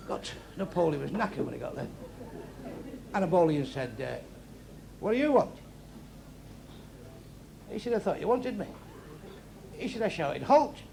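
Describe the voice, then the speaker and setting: A man's voice: a little high, gravelly, background noise. A man with a Manchester accent doing blunt, crude stand-up jokes, acting out the people in them, recorded live on a club stage. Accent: Manchester English. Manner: crude, blunt, quick punchlines, acts out characters in dialogue. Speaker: stand-up comedian. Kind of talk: stand-up joke telling. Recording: live club show with crowd laughter. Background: audience laughing.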